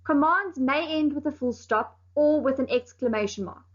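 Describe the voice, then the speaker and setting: High-voiced teacher, slow clear explaining. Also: female voice. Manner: clear, explaining slowly with firm emphasis. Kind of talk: recorded online lesson. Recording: dull lo-fi sound.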